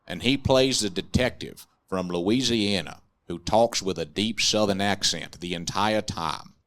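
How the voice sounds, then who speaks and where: A man's voice: sits low, unhurried, fairly bright tone. Dry, ironic male stand-up comic. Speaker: stand-up comedian. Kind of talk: stand-up comedy.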